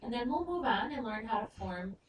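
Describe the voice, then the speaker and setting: A woman teaching a Spanish lesson, explaining patiently and slowing down to sound out words. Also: on the high side, big pitch swings. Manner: patient, clear, slows down to spell out Spanish words. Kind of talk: recorded lesson narration. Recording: echoey room, far mic, noisy.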